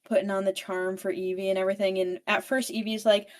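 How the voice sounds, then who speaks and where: A young woman co-hosting a book podcast, recapping a novel's plot in a casual, animated, profane way. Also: medium pitch, fast talker.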